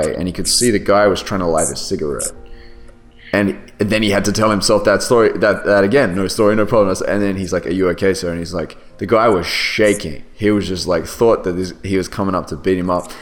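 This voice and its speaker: A man's voice: sits low, steady tone, fairly quick. A man hosting an interview, chatting casually and enthusiastically with frequent restarts. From Australia. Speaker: podcast host.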